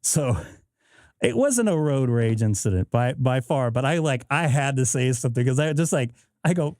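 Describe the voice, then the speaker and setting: A man's voice: medium pitch, animated, normal speed, darkish tone, no room sound, clean studio sound. A man hosting a live stream, chatting casually and acting out both sides of a story. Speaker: host. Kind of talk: casual chat. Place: home radio shack.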